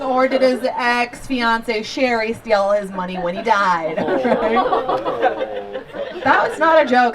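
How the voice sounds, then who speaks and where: A woman in her thirties doing a stand-up set on an outdoor stage, talking in a confessional, chatty way with lots of fillers. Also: a little high. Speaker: stand-up comedian. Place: outdoor backyard comedy show. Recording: live crowd, voice a bit distant. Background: laughing audience.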